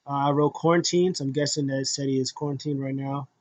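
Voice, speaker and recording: A man's voice: mid-range voice, steady tone, fast, rough recording. A man casually recapping a wrestling show, rambling with many fillers and restarts and acting out what people said.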